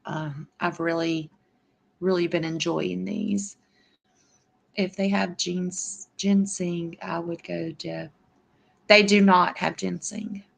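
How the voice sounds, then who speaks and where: A middle-aged woman chatting casually on a livestream, with a gravelly, fry-laden voice pitched a little low. She talks slowly and evenly, with little rise and fall, and addresses her viewers fondly by name. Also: fairly even intonation. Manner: affectionate, answers chat comments by name. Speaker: livestream host.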